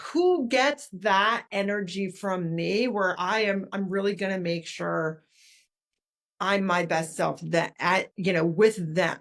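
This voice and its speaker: A woman's voice: fairly low pitch, slow. A woman author and leadership consultant, a podcast guest, explaining her ideas and acting out how greetings can sound. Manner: animated, demonstrates tones of voice while explaining. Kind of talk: podcast interview.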